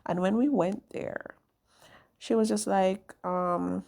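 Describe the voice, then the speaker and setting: A woman's voice: medium pitch, fairly even intonation, slow, vocal fry, a little mellow. A young woman, telling a personal story in a candid, chatty way to her viewers. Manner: candid, chatty, often tags "right?". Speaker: vlogger.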